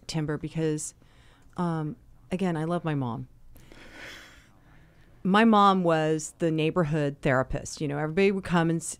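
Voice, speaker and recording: Female host, forties, slightly low voice, chatty and personal. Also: clean tone. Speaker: radio talk show host. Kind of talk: conversational interview.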